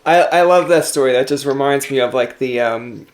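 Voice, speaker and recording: A man in a relaxed interview chat, telling loose, joking stories and acting out little voices as he goes. His voice sits at an ordinary middle pitch, and he speaks from home. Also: normal speed. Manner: jokey, rambling storyteller who acts out quotes. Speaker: podcast host.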